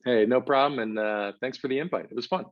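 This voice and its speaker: Relaxed man on a dull, dry call line. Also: medium pitch, fast, no echo. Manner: relaxed, self-deprecating. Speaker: guest, former pitcher. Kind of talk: casual interview chat.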